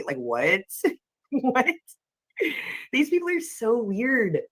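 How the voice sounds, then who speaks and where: A woman's voice: fairly high pitch, very animated, normal speed, fairly bright tone, rough recording. A woman hosting a casual livestream, chatting and greeting viewers by name. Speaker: livestream host.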